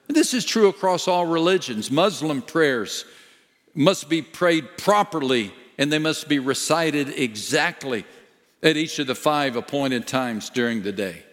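A male pastor preaching a sermon slowly and emphatically, dropping to a hush at times. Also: on the high side, lively intonation. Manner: slow, emphatic preaching with dramatic dips to a hush. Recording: long reverb of a large hall.

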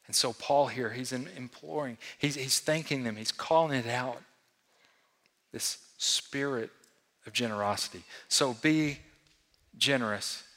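A man preaching a sermon to a congregation, swinging between loud emphatic lines and hushed ones and asking the room questions. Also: mid-range voice, a little slow. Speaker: pastor. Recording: long hall reverb.

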